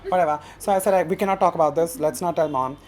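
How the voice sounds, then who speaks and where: A man's voice: a little high, rapid-fire, slight background noise. A young man, telling a personal story on stage at a live storytelling event in a casual, chatty way. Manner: casual and chatty, many fillers, breaks into animated laughing retellings.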